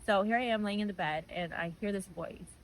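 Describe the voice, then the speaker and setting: A woman's voice: mid-range voice, a little fast, a little hiss or hum, low-quality recording. A young woman giving a personal faith testimony in a conversational, earnest way. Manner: earnest, animated retelling with voiced quotes.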